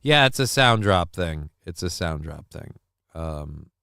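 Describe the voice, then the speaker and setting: A worn-out man hosts a casual live stream, drifting between viewer comments and the news. His voice sits a little low and comes across smooth. The sound is dry and close. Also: expressive, measured pace, bright, forceful tone, dry recording. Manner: rambling, chats with viewers, reads news aloud. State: fuzzy, wiped out. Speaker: show host.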